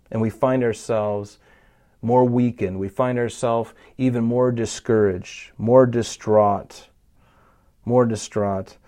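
A man's voice: medium pitch, dark tone. Male pastor, conversational sermon delivery, mid-range voice, builds to emphatic peaks. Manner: conversational teaching with frequent restarts and rising emphasis. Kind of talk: expository sermon.

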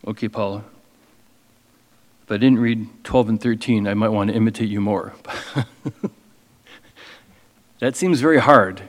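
A man preaching as a pastor, reading scripture slowly with emphasis and then explaining it in a casual, conversational way. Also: lowish voice, in a large hall. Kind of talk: expository sermon.

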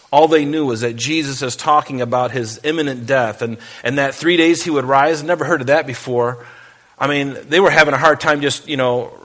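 Male pastor, conversational teaching sermon with quips; slows down for scripture readings. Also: mid-range voice, fairly bright tone. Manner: conversational, joking asides, reads scripture aloud slowly. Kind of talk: verse-by-verse sermon.

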